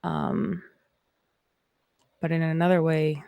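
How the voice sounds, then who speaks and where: A woman's voice: deep voice, flat delivery, slow pace, creaky, warm tone, no room sound. A woman from Canada with a Canadian accent, hosting a casual livestream chat in a rambling, reflective way. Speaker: host.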